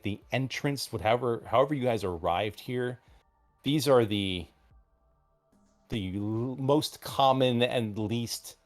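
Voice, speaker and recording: A man narrating a tabletop role-playing game as game master, describing scenes in a halting, rambling way with many fillers. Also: lowish voice.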